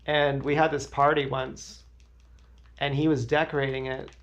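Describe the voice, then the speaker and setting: A man's voice: mid-range voice, little pitch movement, moderate pace, a bit bright, dull audio. A man livestreaming, telling crude, rambling stories in a blunt way.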